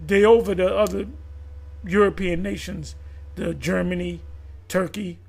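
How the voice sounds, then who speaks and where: A man with a high-set, gravelly and husky voice talks through a loose commentary monologue. He wanders, restarts sentences and leans on fillers as he goes. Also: steady tone, a little slow, a little mellow. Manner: rambling, with frequent restarts and fillers. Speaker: video commentator.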